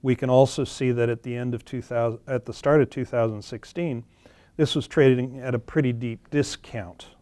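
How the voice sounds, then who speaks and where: Guy walking through charts on a webinar, mid-pitched, dead dry mic. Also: a little mellow, no echo. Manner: explanatory, with fillers and self-corrections. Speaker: webinar presenter.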